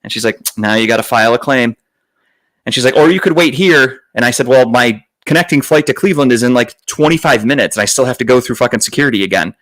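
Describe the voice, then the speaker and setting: Man, podcast host, casual story, exasperated, swearing, mid pitch, acts out quotes. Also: fast talker, a bit bright, rough recording. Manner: acts out other people's lines in a raised voice.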